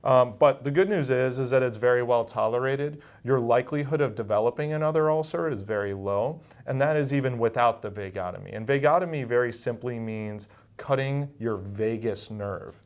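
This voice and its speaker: A middle-aged male surgeon giving calm, patient medical explanations in an interview. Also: medium pitch, normal speed, hardly any pauses. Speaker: bariatric surgeon.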